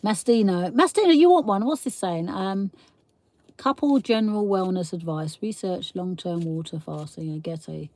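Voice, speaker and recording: A woman's voice: mid-range voice, animated, moderate pace, dark tone, no echo. A middle-aged woman with a South East London accent, hosting a casual live stream: chatty and rambling, laughing often and reading viewer comments aloud. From England. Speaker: livestream host.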